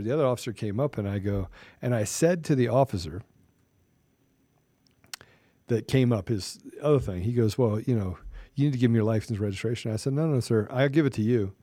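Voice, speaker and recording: Brief: male host, mid-pitched, heated storyteller who acts out quotes, dry close sound. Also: dry recording. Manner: animated, acts out quoted dialogue, many restarts. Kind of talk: casual storytelling.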